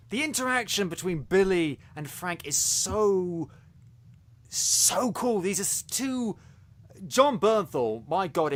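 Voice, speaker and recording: A man's voice: fairly high pitch, a bit bright. A man co-hosting a podcast, reviewing a series in casual chat, talking animatedly with many restarts and stumbles. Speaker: podcast co-host.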